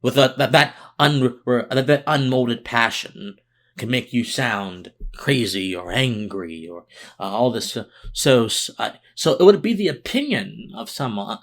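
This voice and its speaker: A man's voice: mid-range voice, big pitch swings, unhurried, fairly bright tone. Tired, earnest male podcast host. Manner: earnest and impassioned, unscripted with restarts. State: mentally tired, talking slower than usual. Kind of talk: political commentary monologue.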